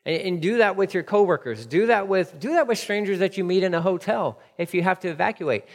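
Candid pastor in a reverberant hall. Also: male voice, sits high, animated, fairly quick, few pauses. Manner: candid and conversational, storytelling with asides. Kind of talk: sermon.

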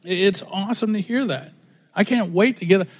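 A man's voice: high voice, brisk, big-room sound. A man preaching a sermon as a pastor, in a casual, conversational way, often repeating words and using slang.

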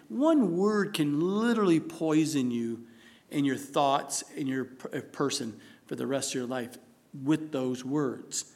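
A man with a high-pitched voice delivers a sermon as a pastor. His preaching is earnest and emphatic, full of pointed rhetorical questions put to the congregation.

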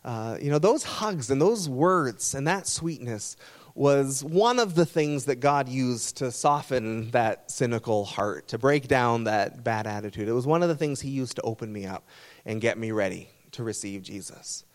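A man's voice: medium pitch, animated, moderate pace. A man pastor preaching a sermon, telling stories in an earnest, conversational way. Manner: storytelling, earnest.

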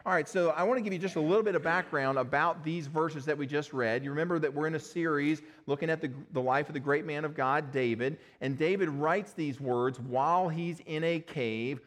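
A male pastor preaches to his congregation and tells the story with earnest drama. His voice sits a little high for a man. He speaks loosely, with fillers and restarts, and leans into vivid scenes. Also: brisk, few pauses. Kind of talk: sermon.

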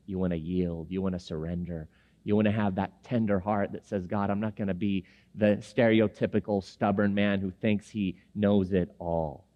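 A man's voice: fairly low pitch, mellow. A man in his forties, born in Lebanon, preaching to men in a chatty, humorous storytelling way and acting out the people in his stories. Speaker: preacher at a men's gathering. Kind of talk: storytelling sermon. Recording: echoey hall, dull lo-fi sound.

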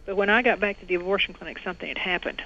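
Through dull lo-fi audio with faint noise, a former clinic owner in middle age gives earnest testimony on an interview show, quoting others in a raised voice. Her voice sits on the low side, rapid-fire, bright and forceful.

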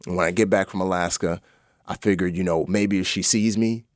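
A man as a podcast guest, telling his personal faith story in earnest, often dropping to a soft low voice at the hard parts. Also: fairly even intonation, fairly quick, no room sound, studio quality. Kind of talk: personal testimony in a podcast interview.

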